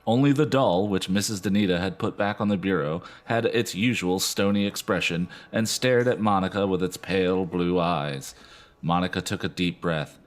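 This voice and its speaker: A man's voice: low-pitched, moderate pace. A man co-hosting a podcast, reading a novel aloud expressively. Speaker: podcast co-host.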